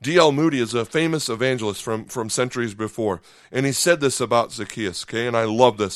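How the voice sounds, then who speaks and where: A male pastor delivers a podcast sermon in a relaxed, conversational manner. He breaks into brief acted-out lines and keeps checking in with his listeners. His voice sits in a middle register and is recorded dry and close to the mic. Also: medium pitch, no echo. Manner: conversational, dramatizing with quick voiced asides, frequent "okay?".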